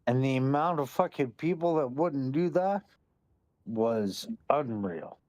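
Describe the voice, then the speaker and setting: A man's voice: mid-range voice, animated, measured pace, darkish tone, no echo. A man on a voice-call stream, telling a rambling story and swearing freely. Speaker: stream guest. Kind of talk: casual chat.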